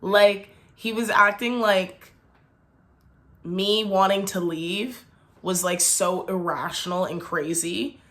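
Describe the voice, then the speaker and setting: A woman's voice: medium pitch, takes it slowly, fairly bright tone. A young woman vlogger telling a storytime tale, chatty and indignant, full of "like". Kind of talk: storytime vlog.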